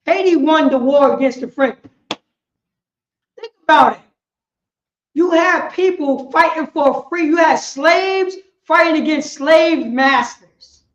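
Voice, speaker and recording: Woman preacher, high voice, emphatic and repetitive, swings from shouting to quiet, roomy echo. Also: takes it slowly. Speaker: teacher of a religious law class. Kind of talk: impassioned preaching lecture. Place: indoor meeting room. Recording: roomy, slightly dull lo-fi sound.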